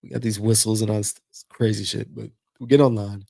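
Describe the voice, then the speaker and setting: A middle-aged man with a low, gravelly voice tells a long story in a casual way, swearing freely and acting out what others said. The room sounds dry and close, with no echo. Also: fairly quick. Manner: profane, animated retelling with quoted voices. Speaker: podcast host.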